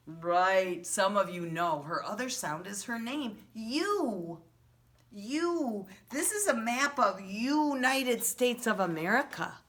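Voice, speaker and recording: Woman, preschool teacher, slow sing-song, lively pitch, bright tone, exaggerated letter sounds. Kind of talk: virtual preschool lesson to young children.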